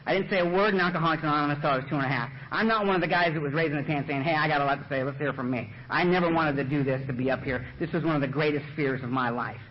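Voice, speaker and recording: A man speaking at a recovery meeting, telling his own story with humor, loose and animated, full of "you know" and "man", laughing at himself, on a podium mic in a dull lo-fi recording. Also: fairly high pitch, very fast, few pauses. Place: meeting room at the front.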